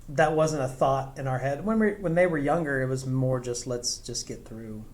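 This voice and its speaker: A man co-hosting a podcast in casual chat, halting and restarting, with many short affirmations. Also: medium pitch, a little mellow. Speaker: podcast co-host.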